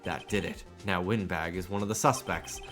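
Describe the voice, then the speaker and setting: A man's voice: deep voice, steady tone, moderate pace, music in the background, natural voice. A man reading an earnest young defense lawyer. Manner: earnest, pleading, deductive.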